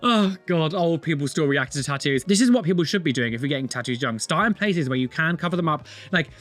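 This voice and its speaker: A man's voice: fairly high pitch, lively intonation, fast talker, fairly bright tone. A young man casually reacting to tattoo videos, opinionated, chatty and self-mocking.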